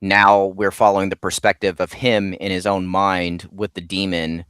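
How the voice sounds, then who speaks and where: A man's voice: low-pitched, level tone, normal speed, fairly bright tone, clean tone, dry recording. A man talking as a guest in a casual interview, rambling with many ums and restarts. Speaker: comic creator guest.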